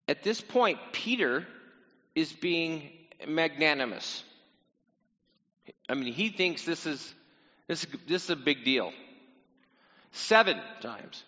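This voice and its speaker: A man's voice: on the high side, animated, slow, long pauses, bright, forceful tone. A man preaching a sermon in a casual, teasing way, talking straight to his congregation. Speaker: pastor. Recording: dull sound in a reverberant hall.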